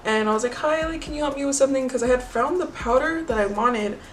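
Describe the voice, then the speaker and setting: A woman vlogging casually about makeup, telling a story in a chatty, animated way and acting out the people in it. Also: high-pitched, fast talker, recorded from a distance, slight background noise, rough recording. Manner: chatty, animated storytelling, acts out quoted voices. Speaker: beauty vlogger.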